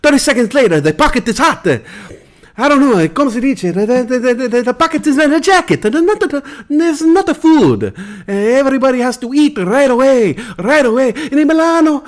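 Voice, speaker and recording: A man's voice: very high voice, big pitch swings, voice pushed up. Giovanni, a man putting on a boastful Milanese man. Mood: dreamy. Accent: put-on Italian. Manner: halting, searching for English words; exaggerated, sing-song comparisons. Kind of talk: comedic character bit.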